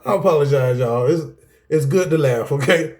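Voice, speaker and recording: A man's voice: on the high side, moderate pace. A man giving a self-help lesson to camera in a preacher-like cadence, often laughing and breaking off mid-sentence. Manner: preacher-like cadence, addresses viewers as y'all. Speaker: self-help video teacher. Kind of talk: preachy talk to camera about anger.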